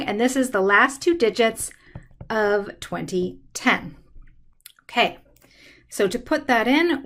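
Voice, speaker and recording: A woman teaching a math lesson, working through problems in a steady, step-by-step way at a desk microphone. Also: a little high. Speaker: math instructor.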